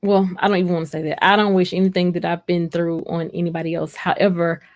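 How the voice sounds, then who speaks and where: Chatty woman with a gravelly voice. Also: lowish voice, flat delivery, quick pace. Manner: rambling, chatty and heartfelt, addresses viewers directly. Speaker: livestream host reading viewer comments. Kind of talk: casual livestream chat.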